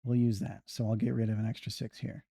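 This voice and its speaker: Mellow-voiced man muttering through a game. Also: on the low side, level tone, fast, vocal fry, dry recording, studio quality. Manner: muttering, humming to himself while planning moves. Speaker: streamer playing a video game. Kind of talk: casual gameplay commentary.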